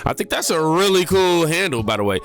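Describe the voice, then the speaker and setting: A man's voice: on the high side, sing-song, brisk, a bit bright. A man hosting a reaction channel, chatting casually with slang, fillers and asides as he comments on clips.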